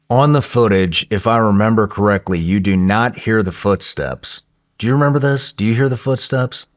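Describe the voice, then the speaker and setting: A man telling a story in a podcast interview in a casual, profane, excitable way, often restarting his sentences. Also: fairly low pitch, normal speed.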